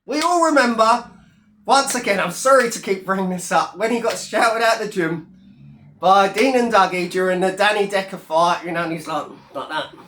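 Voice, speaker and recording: A man's voice: high voice, moderate pace, bright, forceful tone, reverberant, slight background noise. A man in his thirties ranting on his vlog, sneering and swearing at a rival. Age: 30s. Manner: sneering, profane, taunting. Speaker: YouTuber.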